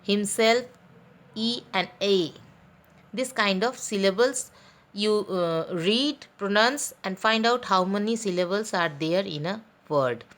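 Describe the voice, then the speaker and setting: A woman teaching an online class for young pupils, talking deliberately, spelling out letters and pausing with fillers. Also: medium pitch, a bit bright. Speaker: school teacher.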